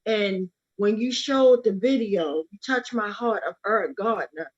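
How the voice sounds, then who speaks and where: A woman's voice: medium pitch, unhurried. A woman speaking urgently and emphatically as an activist, repeating her key words for force. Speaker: activist speaking about her brother's death. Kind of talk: impassioned speech at a livestreamed rally. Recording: lo-fi livestream audio.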